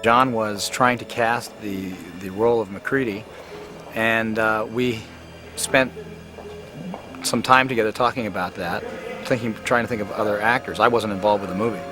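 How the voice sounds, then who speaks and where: A man in an interview, recalling in an easygoing, relaxed way how he was cast in a role. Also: lowish voice, moderate pace, over music. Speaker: actor. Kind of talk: interview recollection.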